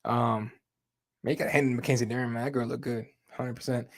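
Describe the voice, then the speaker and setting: A man with a medium-pitched, level voice hosts a live fight talk show, speaking a little fast. An adult with kids, he chats casually and loosely, with plenty of fillers and free swearing.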